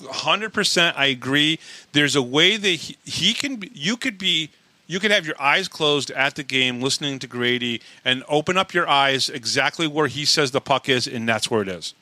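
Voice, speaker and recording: A man hosting a casual podcast interview, eagerly agreeing and asking quick follow-up questions. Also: a little high, expressive, pushed and bright, no room sound. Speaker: podcast host.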